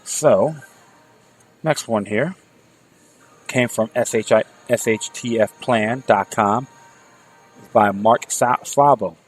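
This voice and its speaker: A man's voice: medium pitch, takes it slowly, long pauses, faint music behind, low-quality recording. A man hosting a political commentary talk show, sarcastic and fiery, rallying his listeners and repeating words as he starts sentences. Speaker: show host.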